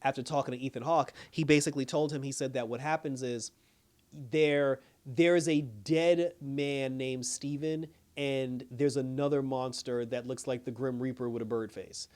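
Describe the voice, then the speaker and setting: A man's voice: medium pitch, steady tone, normal speed, darkish tone. A man casually recapping a TV episode, retelling scenes animatedly, acting out the quotes and laughing often. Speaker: reviewer.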